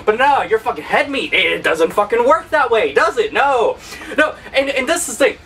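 A man's voice: very high voice, very animated, moderate pace, bright, forceful tone, distant mic. Heated, profane man ranting off-mic. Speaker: gaming video host. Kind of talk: angry rant vlog.

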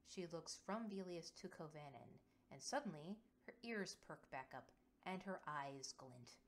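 A woman reading audio fiction aloud as narrator, in a measured storytelling manner. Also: low voice, expressive.

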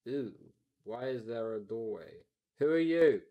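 A game streamer giving chatty, excitable, self-mocking commentary on a first playthrough. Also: mid-range voice, measured pace, narrow, tinny audio. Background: game music.

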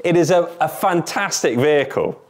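A man's voice: fairly high pitch, moderate pace. A man presenting a prize over a video call, enthusiastic and laughing often. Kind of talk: upbeat prize announcement call.

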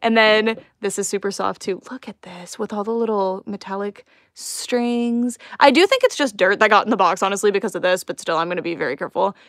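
A woman's voice: mid-range voice, brisk, no echo. Young woman on a home livestream, giggly and rambly, lots of um and like, dry close sound. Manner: chatty, giggly, rambling with fillers. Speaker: doll collector livestreaming an unboxing. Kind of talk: casual live-stream chat. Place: home room.

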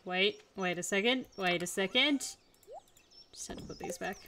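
A woman's voice: medium pitch, normal speed, pushed and bright, slight background noise. A young woman chatting casually while streaming a game, telling an exasperated story. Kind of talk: casual gameplay chat.

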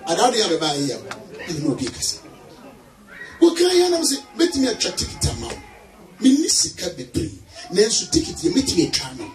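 Ghanaian male preacher, shouting sermon, roomy hall from far off, music and crowd behind. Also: sits high, huge pitch swings, fast talker. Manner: emphatic, calls for amens, shouts. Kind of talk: sermon mixing English and Twi. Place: church hall with congregation. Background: music and congregation.

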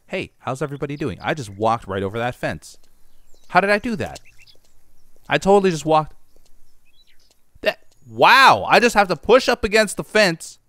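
A man's voice: medium pitch, pushed and bright, dry recording. A man hosting a gaming channel, giving casual, playful commentary to his viewers as he plays. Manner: playful and joking, talks to viewers.

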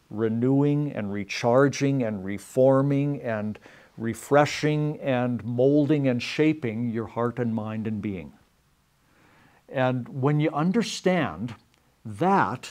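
A man's voice: mid-range voice, darkish tone. Earnest man leading a Bible study. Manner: earnest, asks the group rhetorical questions; informal, with ums and restarts. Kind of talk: conversational Bible study teaching. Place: church meeting room with a small group.

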